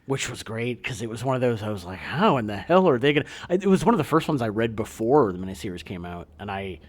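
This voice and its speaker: A middle-aged man co-hosting a podcast, chatting in a relaxed way and agreeing often. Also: medium pitch, fast. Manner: relaxed, lots of agreeing fillers. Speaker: podcast co-host. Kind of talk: casual chat.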